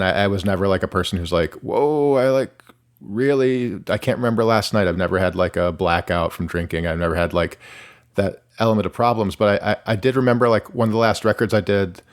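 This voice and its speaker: A middle-aged musician from Michigan, USA, appears as a guest in a candid conversational interview, his voice low and smooth. He rambles and interrupts himself, restarting often and filling with many "like"s.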